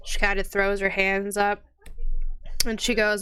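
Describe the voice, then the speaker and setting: A woman narrating as game master of a tabletop game, lively and quick to voice the townsfolk. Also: mid-range voice, smooth.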